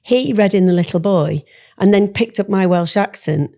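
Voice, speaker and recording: A woman's voice: medium pitch, normal speed, creaky. A middle-aged woman hosting a podcast, chatting casually, telling stories and laughing easily. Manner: chatty, warm laughter, storytelling. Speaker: podcast host. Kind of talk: casual chat.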